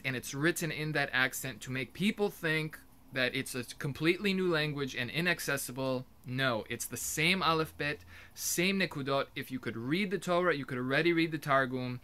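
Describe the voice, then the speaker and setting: A man's voice: on the high side, bright, forceful tone, a little hiss or hum. A man giving an informal explanatory talk as a religious teacher, earnest and emphatic, often restarting his sentences mid-thought.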